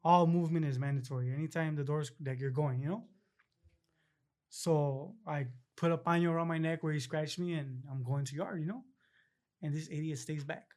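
A young man with a slightly raised pitch, speaking in loose, laid-back street slang. He tells long stories in a casual interview and slips into other people's voices when he quotes them. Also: steady tone, moderate pace, a little mellow. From Los Angeles area, California. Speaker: interview guest.

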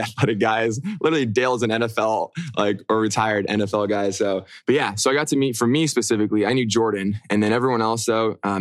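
Young dude, low voice, laid-back rambling chat, dry close sound. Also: male voice, dry recording. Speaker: podcast co-host. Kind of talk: casual chat.

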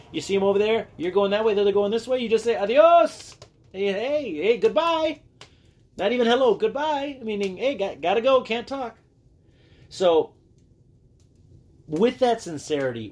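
A man in his forties hosting a casual solo podcast, rambling with restarts and acting out quoted greetings in a higher voice. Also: a little mellow, a little hiss or hum. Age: 40s. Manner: rambling with many restarts and fillers. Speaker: podcast host.

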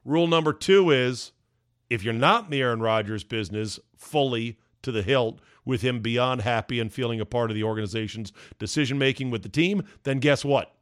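A man hosting a podcast, delivering an emphatic, ranting opinion monologue with sarcastic asides, his voice going hoarse. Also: medium pitch, fairly quick, dry recording, studio quality. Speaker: podcast host.

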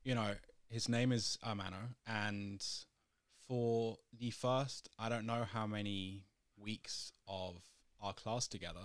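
A man's voice: lowish voice, fairly even intonation, takes it slowly, clear, resonant tone, no echo. Laughing man, dry close voice. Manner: laughs often, storytelling. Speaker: podcast co-host. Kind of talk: casual chat.

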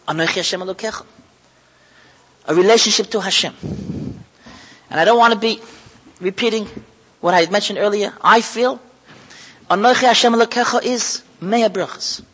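A man delivers an emotional Torah talk, circling back over his phrases and sounding close to tears. His voice is high and husky. A long reverb trails behind him, as in a hall. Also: moderate pace, pauses often, fairly bright tone. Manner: heartfelt, repetitive, moved close to tears. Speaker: lecturer running a kollel.

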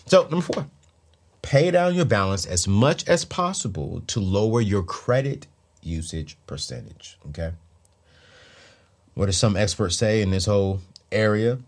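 A man's voice: fairly low pitch, unhurried. A man hosting a podcast, talking casually and with emphatic, preachy bursts to his listeners. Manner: animated, preachy, rising to loud emphatic bursts. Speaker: podcast host.

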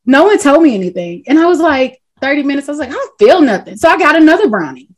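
Lively higher-voiced woman podcast host. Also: quick pace, crowd noise. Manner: animated storyteller, laughs often. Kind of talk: casual chat.

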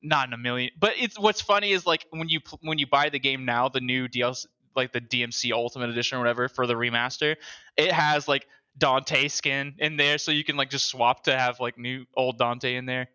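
A man's voice: mid-range voice, fairly quick, sharp tone, clear, resonant tone. A man co-hosting a podcast in casual chat, rambling, swearing casually and laughing often. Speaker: podcast co-host.

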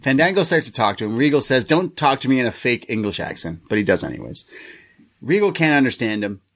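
A man's voice: medium pitch, sing-song, fast, fairly bright tone. A man co-hosting a podcast, casually recapping a wrestling show and laughing often. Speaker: podcast co-host. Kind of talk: casual chat.

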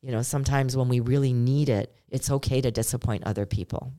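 A woman's voice: rumbling low, fairly quick. Earnest middle-aged woman podcaster. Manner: earnest, storytelling, animated when quoting. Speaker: podcast co-host. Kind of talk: casual chat.

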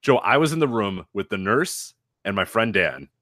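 A man co-hosting a casual wrestling podcast, animated, laughing often and swearing freely as he acts out quoted people. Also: fairly low pitch, normal speed, no room sound, clean studio sound. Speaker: podcast co-host.

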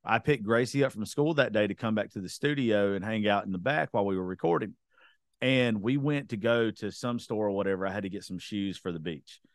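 A man's voice: on the low side, a little fast, no echo, clean studio sound. A man hosting a podcast, chatting casually and telling stories in a blunt, profane way. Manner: blunt, profane, animated storytelling. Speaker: podcast host. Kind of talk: casual chat.

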